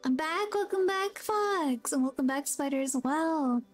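A woman's voice: sits high, animated, unhurried, soft background music. A woman streaming a video game, chatting casually with her viewers and greeting them by name. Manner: chatty, reads chat aloud, friendly greetings. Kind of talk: casual gameplay chat.

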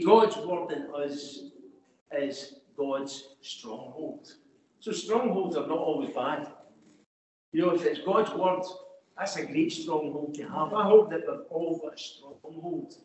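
A man's voice: on the high side, darkish tone. A man preaching a sermon in a conversational way, quoting scripture with emphasis. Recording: very echoey hall, faint noise.

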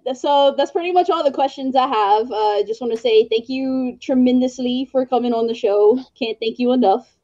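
A woman's voice: high-pitched, a little fast, few pauses, mellow, muffled recording. A woman hosting a podcast over a video call, giggly and effusive. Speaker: podcast host. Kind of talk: casual video-call interview.

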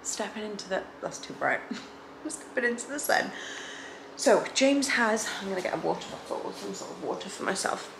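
A woman, a mother and vlogger, chatting casually in a playful, animated way. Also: mid-range voice, normal speed, vocal fry, noisy background. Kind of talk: casual vlog chat. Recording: roomy echo.

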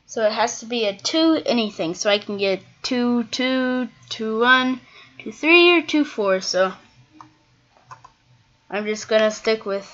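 A gaming video creator with a slightly high, fairly bright voice chats casually while she plays. She thinks out loud and often trails off mid-thought, all captured on a dull lo-fi mic.

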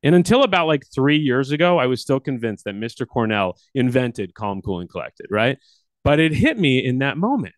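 A man leading a workshop, telling a personal childhood story with big swings in pitch and loudness. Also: very animated, normal speed, no room sound, clean studio sound. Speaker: workshop leader.

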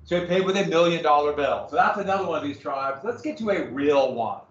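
A man's voice: on the high side, lively intonation, a little fast, fairly bright tone. Chatty man presenting in a roomy hall. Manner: chatty, digressive, jokey. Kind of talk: casual slide presentation to a small group. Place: room with a small audience. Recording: roomy, distant, slightly dull.

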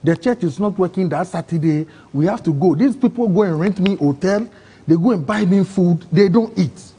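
Husky high-voiced Ghanaian man. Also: normal speed. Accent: Ghanaian English. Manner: excitable, acts out quoted voices, broken phrasing. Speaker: interview guest. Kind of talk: emotional personal storytelling.

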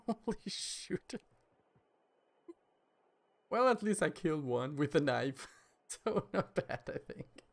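A man streaming live gameplay, talking excitedly and panicking as he plays. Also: a little high, moderate pace, gravelly. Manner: panicky, excitable, swears mildly.

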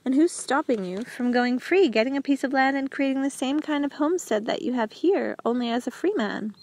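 A woman voicing a quick-tempered male army general in an audiobook, speaking in incredulous questions. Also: high-pitched, darkish tone, voice pushed up. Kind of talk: audiobook character reading.

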